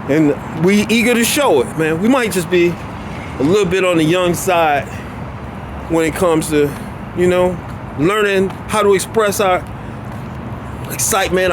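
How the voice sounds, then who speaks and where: Man, high voice, rambling casual chat, walking outdoors, noisy street traffic. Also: a little slow, pauses often. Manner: rambling, loses his train of thought; laughs often. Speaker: vlogger walking his dog.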